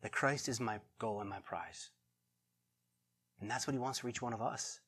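A middle-aged man preaching a sermon as pastor, animated, swinging between loud bursts and hushed, tender passages. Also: medium pitch, moderate pace, husky.

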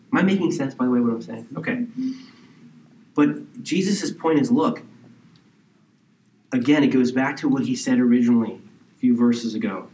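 A man's voice: mid-range voice, darkish tone, echoey room, far from the mic, a little hiss or hum, low-quality recording. A male pastor preaching a sermon in a conversational way, asking the congregation questions and doing mocking impressions now and then. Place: church sanctuary.

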